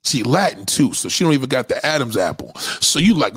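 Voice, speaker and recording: A man's voice: mid-range voice, brisk, few pauses, breathy edge, no room sound, clean studio sound. A man delivering a profane, comedic rant to camera, telling stories with heavy swearing and street slang. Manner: animated storytelling, acts out quoted voices.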